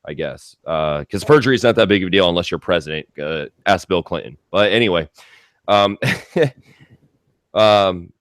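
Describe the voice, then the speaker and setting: A low-voiced man co-hosting a loose talk show, a bit tipsy and rambling, with plenty of swearing and laughing asides. His voice is recorded close and dry, with no room sound. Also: fast, few pauses, no room sound. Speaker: co-host. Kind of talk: casual podcast chat.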